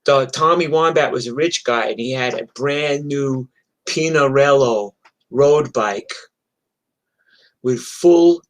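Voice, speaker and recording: A man from New York telling wild street stories in a casual, profane, animated way, acting out the fights as he goes. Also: medium pitch. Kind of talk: casual storytelling. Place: streamed from home.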